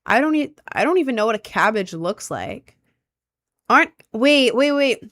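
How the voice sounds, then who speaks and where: A woman's voice: on the high side, big pitch swings, normal speed, a bit bright, dry recording. A young woman streamer chatting casually with her viewers, rambling and easily sidetracked in an upbeat way.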